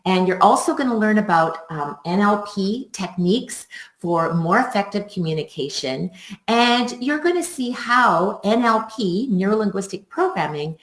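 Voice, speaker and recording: A woman teaching music teachers in a live webinar, upbeat and expressive, laughing often. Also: mid-range voice, normal speed. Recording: roomy echo.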